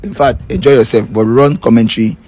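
A man's voice: medium pitch, steady tone, a little fast, a little mellow. A Nigerian man hosting a casual vlog, joking and teasing, slipping into Pidgin. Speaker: vlogger.

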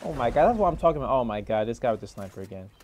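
A young man giving rambling, excitable live commentary over a match, swearing often and filling gaps with "like" and "oh my god.". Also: mid-range voice, very fast, noisy background. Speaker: gaming streamer.

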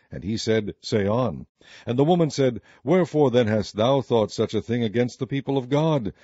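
Man reading scripture, dark and dry. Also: mid-range voice, dry recording, muffled recording. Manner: steady, measured King James reading. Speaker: audiobook narrator.

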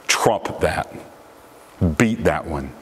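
A man's voice: a bass voice, expressive, very slow, a bit bright, slightly rough, voice pushed down, full character voice. A man playing a commanding angel. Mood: challenging. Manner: bold, challenging. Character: commanding male angel, unshakable and proud.

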